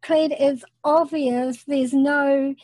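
Calm female podcast host, dry close sound. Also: high-pitched, very slow, dry recording. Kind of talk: interview podcast.

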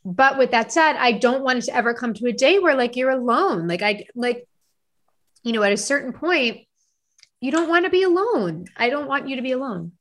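A woman's voice: high-pitched, animated, moderate pace, a bit bright. A woman co-hosting a podcast in casual chat, earnest and caring, with lots of "like" fillers.

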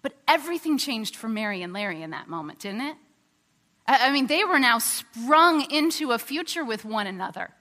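High bright woman preaching in a hall. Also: normal speed. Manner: conversational, animated, many fillers. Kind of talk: sermon with storytelling. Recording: long hall reverb.

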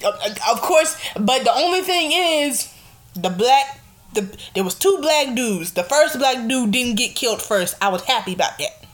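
A young woman hosting a casual radio show, chatting in an animated, excitable way and laughing often. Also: on the high side, measured pace. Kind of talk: casual chat.

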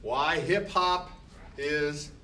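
Blunt male teacher, bright tense voice, slow deliberate delivery, distant mic, faint room hum. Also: on the high side. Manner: blunt, emphatic, talks to himself in quoted dialogue. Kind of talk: classroom lecture. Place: classroom.

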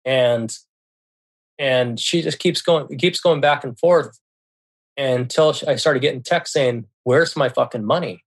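Guy telling his story, plain mid voice, keeps stumbling and restarting, gets loud quoting people then real quiet. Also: medium pitch. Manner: halting, repeats words and restarts sentences; quotes others in a raised voice and drops very quiet for soothing lines. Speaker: guest telling a personal story. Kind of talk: casual spoken storytelling.

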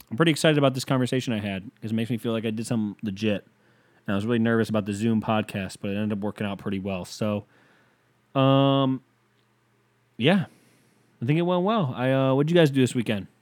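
A man's voice: lowish voice, darkish tone. Young male solo podcaster, casual and profane, rambling with sarcastic rants into a desk mic. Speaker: podcast host. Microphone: desk microphone with pop filter.

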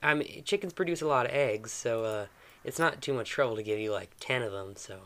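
A man's voice: mid-range voice, a little fast, a bit bright, natural voice. A man voicing a friendly alligator person with a put-on Southern accent, improvising in a tabletop game. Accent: put-on American Southern. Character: folksy southern alligator person, hospitable host. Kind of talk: improvised tabletop role-play.

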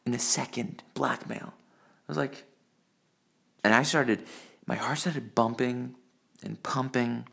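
A man's voice: mid-range voice, slow pace, creaky, long pauses, pushed and bright, breathy edge. A man rambling through crude personal stories and jokes, profane and full of fillers, recorded on a phone. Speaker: monologue storyteller. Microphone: phone mic.

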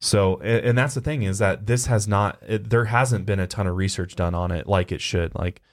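Deep-voiced guy co-hosting a podcast, laid-back, rambly, lots of um and you know. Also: moderate pace. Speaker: podcast co-host. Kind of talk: casual podcast chat.

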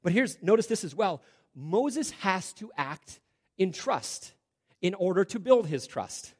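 A man preaching a sermon, conversational and full of rhetorical questions, often dropping to quiet emphasis. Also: high voice, big pitch swings, unhurried, breathy edge. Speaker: pastor.

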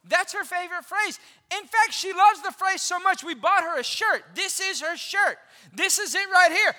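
A pastor in his forties giving an animated, conversational sermon and asking the congregation questions. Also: very high-pitched, moderate pace. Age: 40s. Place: church auditorium. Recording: reverberant hall.

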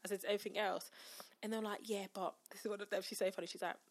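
A woman's voice: medium pitch, very fast. A young woman, a teacher, chatting casually and acting out her students' voices as she tells stories. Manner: animated storyteller who acts out her students' voices. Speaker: teacher and podcast co-host. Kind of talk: casual chat.

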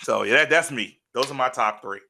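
A man's voice: mid-range voice, fairly quick, gravelly, pushed and bright, slight background noise. A man in casual podcast chat, animatedly retelling a story and acting out quotes. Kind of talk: casual chat recapping an anime.

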